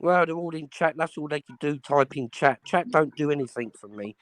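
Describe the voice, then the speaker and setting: A man's voice: fairly high pitch, fairly quick, dry recording. A man hosting a livestream panel, defiant and challenging his critics to come on. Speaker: livestream host. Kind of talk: confrontational livestream talk.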